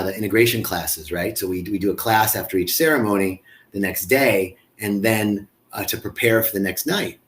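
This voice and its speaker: Effusive man hosting a live stream. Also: lowish voice. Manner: effusive, greets viewers by name, stumbles and repeats words. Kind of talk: casual live-stream talk.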